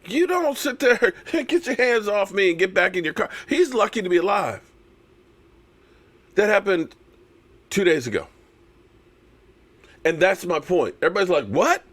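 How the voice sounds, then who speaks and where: A man hosting a live fan stream, ranting in an animated, sarcastic way with lots of repeated phrases. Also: high-pitched, normal speed, pauses often. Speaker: sports channel host.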